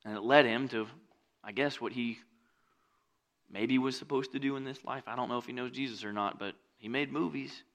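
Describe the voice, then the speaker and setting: A male pastor preaching a sermon in a conversational way, mixing scripture with joking asides and swinging from loud, lively stretches to quiet ones. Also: mid-range voice, normal speed.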